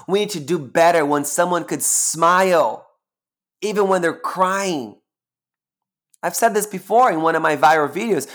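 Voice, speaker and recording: A man's voice: sits high, a bit bright. A man hosting a live-streamed solo talk as a spiritual teacher, sassy and emphatic, preaching and repeating phrases for emphasis. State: close to tears at times.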